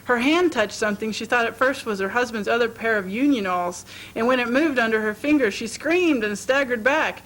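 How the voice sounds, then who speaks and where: Brief: female reader, fairly high voice, steady expressive story narration. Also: fairly quick, few pauses, rough recording. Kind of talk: reading a short story aloud.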